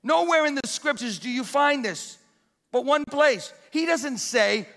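A pastor preaching a sermon with emphatic, repeated exhortations in a church. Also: male voice, very high-pitched, expressive, normal speed, fairly bright tone, big-room sound.

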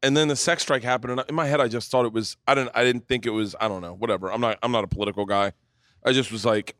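A middle-aged man hosting a live podcast, rambling loudly through stories, swearing and laughing. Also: mid-range voice, expressive, fast talker, dry recording. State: tipsy. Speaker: podcast host. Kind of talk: live podcast comedy storytelling. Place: brewery stage before a live audience.

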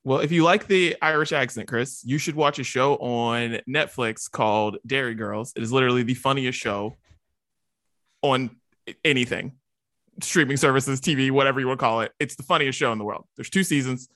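A man co-hosting a casual podcast chat, talking in an excitable, emphatic way. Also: medium pitch, normal speed, no room sound, studio quality. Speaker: podcast co-host.

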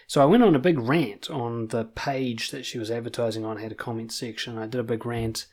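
A man, a confidence coach giving a blunt motivational monologue, swearing freely and pushing points with animated emphasis. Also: medium pitch, a little fast.

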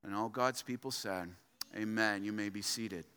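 A man's voice: on the low side, normal speed, sharp tone, clean tone, big-room sound. A man preaching a sermon as pastor, emphatic and fond of repeating key phrases for stress. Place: church sanctuary.

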